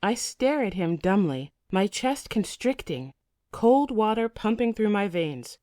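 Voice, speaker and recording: A woman's voice: medium pitch, sing-song, unhurried, dark tone, dry recording, clean studio sound. A woman audiobook narrator reading a first-person saga in a vivid, tense storytelling manner.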